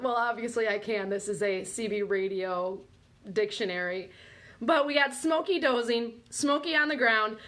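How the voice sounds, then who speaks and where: A woman's voice: on the high side, a bit bright. A woman hosting a live quiz show who keeps dissolving into giggles as she quizzes her listeners. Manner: giggly, breaks into helpless laughing fits. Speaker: podcast host.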